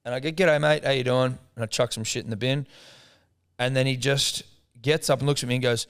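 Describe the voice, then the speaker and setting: A man's voice: medium pitch, fast, clean tone. Profane Australian man telling stories. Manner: animated, profane storytelling with acted quotes. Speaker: podcast co-host. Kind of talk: casual comedic chat.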